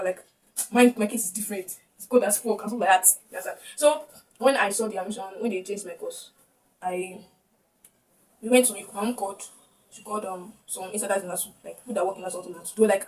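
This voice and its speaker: Speaking rapid-fire in a steady, mid-range voice, this young Nigerian-accented vlogger shares an emotional personal story on camera, often saying her words again. She's picked up by a far-off mic with some faint noise behind her.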